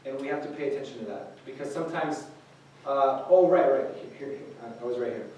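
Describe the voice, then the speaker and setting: A man's voice: medium pitch, brisk, warm tone, dull audio. A man giving an informal sermon to a group, talking casually with many fillers and restarts. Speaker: youth speaker. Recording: echoey room recorded from a distance.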